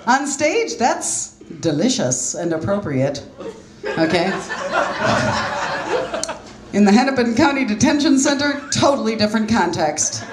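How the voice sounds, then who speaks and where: A woman's voice: fairly high pitch, big pitch swings, unhurried, pauses often, noisy background. A middle-aged woman doing a stand-up comedy set, telling self-deprecating stories in a chatty, conversational way on a small club stage. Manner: self-deprecating, conversational storytelling with quoted voices. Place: small jazz club stage, live audience laughing. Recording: roomy club sound with faint ambience.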